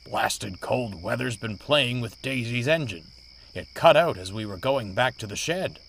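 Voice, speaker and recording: A man's voice: mid-range voice, animated, a little slow, gravelly, fairly bright tone, slight background noise. A man voicing a prim, indignant female railcar. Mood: huffy. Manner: indignant, sniffy. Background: music.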